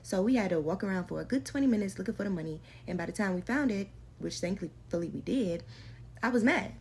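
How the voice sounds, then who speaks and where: Young woman, storytime vlog, casual, slangy, emphatic, repeats for effect, mid-pitched voice. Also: animated, fast talker, vocal fry, darkish tone, slight background noise.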